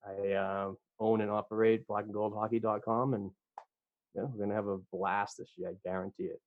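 A man with a Boston accent, a podcast guest chatting casually in a rambling, animated way with many restarts. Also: lowish voice, brisk, no echo. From Boston area, USA. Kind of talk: casual chat. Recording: dull lo-fi remote line.

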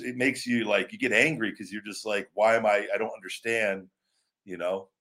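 A middle-aged male host talks on a live stream in a rambling, casual way, circling back and restarting mid-sentence. His voice sits a little low. He calls viewers brother and man and teases them with a grin in his words. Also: a bit bright. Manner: playful teasing. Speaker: show host.

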